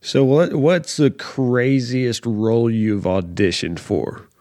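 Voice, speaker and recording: A man's voice: medium pitch, slow pace, a little mellow, no echo, studio quality. A man hosting a podcast and asking casual, curious questions. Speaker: podcast host.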